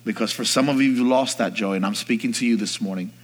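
A man preaching a sermon, swinging from hushed, slow reflection to rising, shouted exhortation, calling on the congregation to answer him. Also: fairly low pitch, slightly rough, in a large hall. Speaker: pastor.

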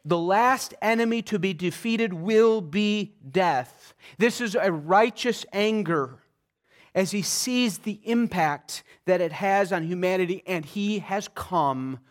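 A man preaching a sermon, speaking earnestly and conversationally, slowing and dropping his voice to stress scripture. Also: high-pitched. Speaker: pastor.

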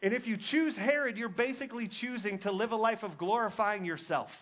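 A man's voice: sits high, fairly quick, fairly bright tone, dull audio. A male pastor giving a conversational sermon to a congregation, driving his points home by repeating key lines. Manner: conversational preaching with emphatic repetition.

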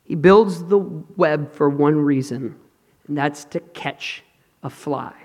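A man preaching a sermon to a gathered audience, dramatic, swinging from hushed storytelling to loud emphasis. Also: fairly high pitch, slow. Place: large hall with an audience. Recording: long hall reverb.

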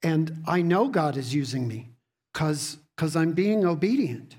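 Slow husky preacher. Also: mid-range voice, expressive, darkish tone. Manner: teaching, rhetorical questions, repeats words; reads scripture aloud to a congregation. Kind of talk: sermon.

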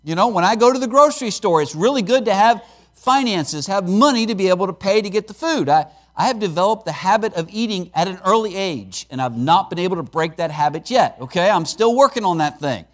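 Male missionary preacher, high voice with big swings, emphatic sermon delivery with folksy humor. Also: brisk. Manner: lively preaching, rising to emphatic peaks with chuckles and asides.

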